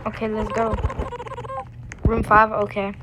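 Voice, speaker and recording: A woman's voice: medium pitch, monotone, unhurried, background noise. A young woman chatting casually while playing a game with a friend, sassy and full of slangy roasting. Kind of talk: casual voice-chat gameplay banter.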